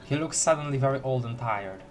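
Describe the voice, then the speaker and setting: A man's voice: mid-range voice, a little fast, soft background music. A man streaming a story game, reading dialogue aloud with lots of giggles and playful repeated words.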